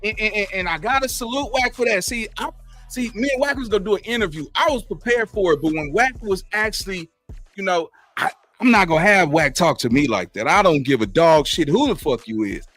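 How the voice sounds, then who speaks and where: A man giving animated reaction commentary on a clip, talking in repetitive, profane street slang. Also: high-pitched, brisk, dry recording, soft background music. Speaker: commentary host.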